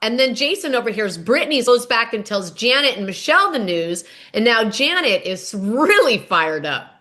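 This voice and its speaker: A woman's voice: on the high side, very animated, moderate pace, pushed and bright. A woman hosting a podcast, recapping a reality show episode in a chatty, gushing storytelling way. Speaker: podcast host.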